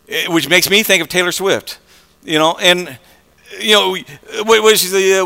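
A pastor preaching a conversational sermon, repeating words and swinging between soft and loud passages. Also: male voice, high-pitched, normal speed, long reverb tail.

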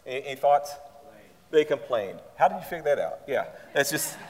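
A man's voice: medium pitch, big pitch swings, a little fast, darkish tone, long reverb tail. A man preaching a sermon in a church, speaking conversationally and pressing the congregation with pointed questions. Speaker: pastor.

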